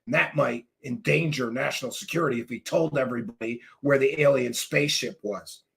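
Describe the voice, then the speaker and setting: A male host delivering an angry, mocking commentary rant, sarcastic and at times shouting. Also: medium pitch, brisk, vocal fry, slightly rough. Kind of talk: ranting commentary.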